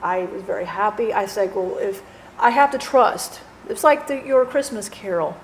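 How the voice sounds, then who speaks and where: A woman channeling a departed friend, telling her story in an earnest, halting way with many restarts. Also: medium pitch. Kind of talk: spiritual channeling testimony. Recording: roomy echo, faint background noise.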